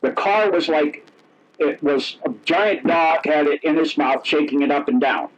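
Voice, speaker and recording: A man's voice: fairly high pitch, a little slow. A middle-aged man telling stories as an interview guest, rambling and correcting himself as he goes. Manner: rambling, self-correcting, acts out quoted dialogue. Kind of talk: casual storytelling. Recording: dull lo-fi audio.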